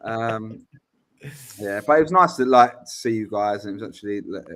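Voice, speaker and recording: A man's voice: on the low side, moderate pace, fairly bright tone. A man co-hosting a casual football chat show, blunt and swearing freely, often repeating words as he talks. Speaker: podcast co-host.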